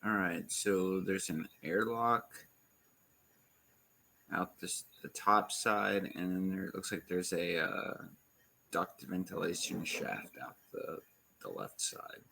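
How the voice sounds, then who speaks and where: A man's voice: low-pitched, lively intonation, takes it slowly, gravelly, pushed and bright, a little hiss or hum. A man playing in a tabletop game, casually talking through options in a hesitant way. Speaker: player.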